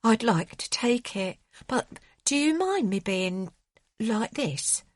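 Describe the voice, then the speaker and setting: A woman's voice: on the high side, expressive, slow pace, no room sound, studio quality, pitched above the performer's own voice. A woman doing a weary young wartime wife. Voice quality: tired, hesitant.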